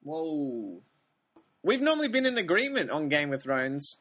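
A man's voice: fairly high pitch, very animated, measured pace, fairly bright tone. A man co-hosting a film podcast, chatting casually with dry teasing humor. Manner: dry teasing, laughs often. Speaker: podcast co-host. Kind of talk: casual chat.

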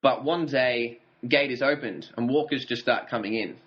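A man's voice: mid-range voice, normal speed, a bit bright. A man co-hosting a casual podcast, recounting a show's plot in a dry, wry way. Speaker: podcast co-host. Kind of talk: casual recap chat. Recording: dull lo-fi audio.

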